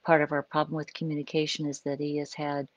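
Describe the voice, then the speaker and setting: A woman's voice: low-pitched, monotone, fast, no room sound, lo-fi sound. A woman psychologist hosting a live stream, giving an unscripted, conversational talk and acting out little examples as she explains.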